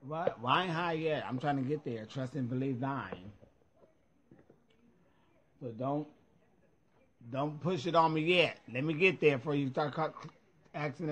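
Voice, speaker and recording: A man's voice: fairly high pitch, unhurried, pauses often, a bit bright. A man hosting a casual video show, reacting in a sassy, profane way and laughing a lot.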